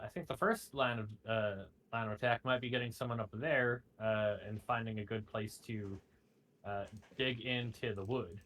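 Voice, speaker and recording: A dungeon master running a tabletop role-playing game in a relaxed way, explaining the scene with many "uh"s and "like"s. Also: medium pitch. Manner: relaxed, filler-heavy explaining.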